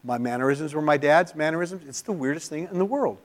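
A middle-aged man from California preaching in a church, telling a personal story in an emotional, confessional way, often dropping to a near-hush. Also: on the high side, expressive, fairly quick. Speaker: pastor. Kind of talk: sermon storytelling.

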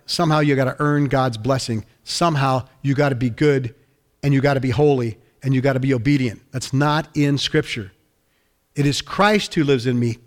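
A man with a somewhat high voice preaches with fervor, hammering his points home through repetition. He drives each phrase as a pastor speaking to his congregation. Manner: fervent preaching with emphatic repetition. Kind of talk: sermon.

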